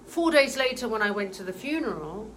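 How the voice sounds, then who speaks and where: A woman in her forties telling a personal story in an earnest, emotional way, pausing often with fillers. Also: on the high side, animated, a bit bright, a little hiss or hum, low-quality recording.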